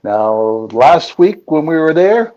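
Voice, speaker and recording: A man's voice: fairly high pitch, sing-song, slow pace, dark tone. A man joining a podcast as a regular co-host, telling stories in an easygoing, casual way. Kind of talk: casual chat. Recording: muffled video call audio.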